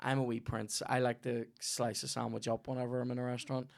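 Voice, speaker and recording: Sweary Northern Irish comic host. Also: male voice, mid-range voice, flat delivery, fast, vocal fry, no room sound, clean studio sound. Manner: sweary, jokey, chatty. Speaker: comedy podcast host. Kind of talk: rambling comic ad read.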